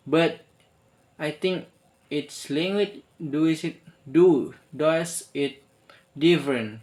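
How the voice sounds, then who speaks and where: Very slow, halting young man. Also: a little high, a little mellow. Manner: halting, many restarts and fillers. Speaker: student. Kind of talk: spoken assignment answer.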